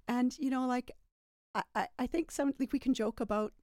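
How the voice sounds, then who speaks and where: A woman's voice: high-pitched, moderate pace, darkish tone, no echo. Reflective woman host, dry studio sound. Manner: reflective, asks guests questions. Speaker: podcast host. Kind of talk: casual conversation.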